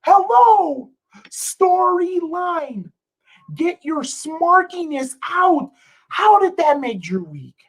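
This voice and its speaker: A woman's voice: high-pitched, sing-song, slow pace, fairly bright tone, low-quality recording. A woman streamer ranting to her chat in an exasperated, profane way, repeating herself for emphasis. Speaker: wrestling streamer. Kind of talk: livestream rant to chat.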